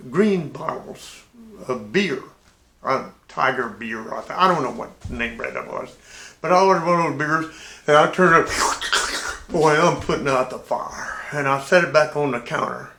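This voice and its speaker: An older man and navy veteran telling a sea story in a folksy, animated way. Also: on the high side, measured pace, vocal fry, reverberant. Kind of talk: casual spoken anecdote.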